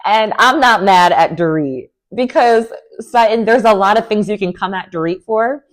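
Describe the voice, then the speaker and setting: A young woman with a sassy, animated manner, giving an opinionated recap of a reality TV show. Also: medium pitch, moderate pace. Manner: animated, sassy, lots of "like" and "girl". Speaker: recap vlogger.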